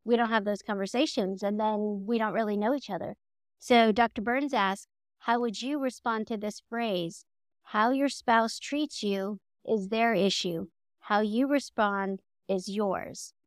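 A middle-aged woman co-hosting a podcast in casual chat, animated and laughing often as she acts out quoted voices. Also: medium pitch, a little slow, dry recording, studio quality. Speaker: podcast co-host.

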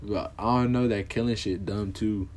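A man's voice: lowish voice, steady tone, normal speed, darkish tone. A young man chatting casually on a vlog, answering questions in a slangy, profane, rambling way, and saying he is putting on an accent. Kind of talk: casual chat.

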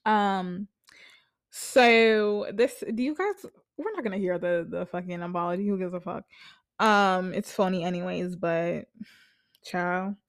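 A woman's voice: lowish voice, measured pace, clear, resonant tone. A young woman giving casual gossip commentary from her apartment, talking bluntly with lots of swearing and filler words.

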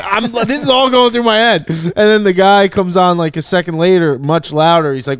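A man's voice: high-pitched, normal speed, smooth, no room sound, studio quality. A man co-hosting a podcast, telling a story in casual chat, acting out the voices of the people in it and laughing often. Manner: animated, acts out quoted voices, laughs often. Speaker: podcast co-host.

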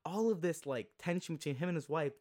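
Guy picking apart a movie plot, confused and critical, talks in quick bursts. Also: a little high, a little mellow. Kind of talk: casual movie recap chat.

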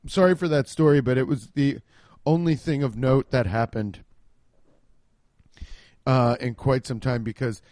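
A man's voice: medium pitch, measured pace, pauses often, darkish tone, dry recording, clean studio sound. A young man hosting a podcast, telling a rambling, self-deprecating comic story and swearing freely. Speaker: podcast host. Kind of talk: casual comedic storytelling.

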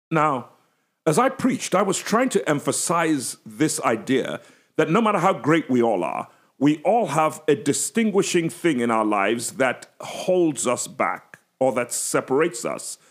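Animated male pastor telling a story. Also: mid-range voice. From England. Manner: animated, emphatic storytelling with playful asides. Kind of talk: podcast-style teaching talk.

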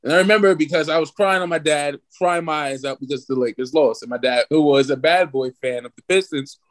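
A man in his twenties hosting a podcast, ranting excitedly and swearing freely in casual sports chat. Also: a little high, brisk. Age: 20s. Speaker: podcast host.

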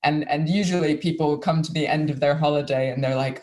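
An interview host talking in a lively, chatty way, sharing personal anecdotes before asking questions. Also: mid-range voice, brisk. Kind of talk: casual interview talk.

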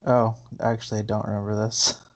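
Podcast cohost cracking dry little jokes, mid pitch, just chatting. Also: monotone, fairly quick. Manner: dry wisecracking interjections. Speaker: podcast co-host. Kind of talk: casual chat.

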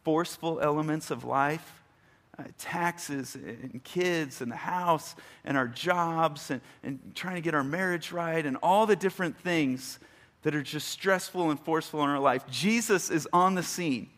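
A man preaching a sermon, emphatic, rising to loud bursts and reading scripture slowly and deliberately. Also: a little high. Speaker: pastor.

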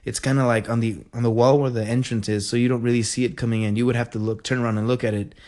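A man telling a story in a casual, rambling and excitable way, full of fillers. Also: medium pitch, fast.

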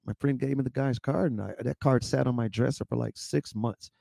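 A middle-aged man, a stand-up comedian, telling stories with lively impressions and laughter in a casual interview. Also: brisk, creaky, no room sound. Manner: acts out voices with high-pitched impressions and laughs. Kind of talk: animated storytelling.

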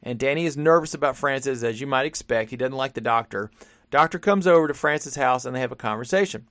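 Man, podcast co-host, casual plot recap, rambling, mid-pitched voice, dry close sound. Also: fairly bright tone, no room sound. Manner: rambling retelling with quick acted-out quotes.

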